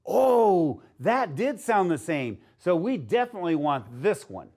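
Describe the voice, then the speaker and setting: Slow, lively man teaching phonics. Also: high-pitched. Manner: slow, sounding out letters, upbeat and encouraging. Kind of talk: phonics lesson for young children.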